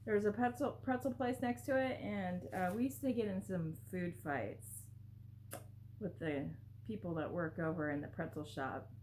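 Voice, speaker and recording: A woman's voice: on the low side, normal speed, noisy background. A woman vlogger chatting casually to camera while opening gifts, gushing and exclamatory.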